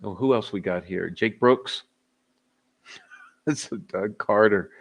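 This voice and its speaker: Taking it slowly, a lowish-voiced man ends his livestream with a casual goodbye to chat. He's a little tipsy, giggles, and keeps joking and laughing with his viewers.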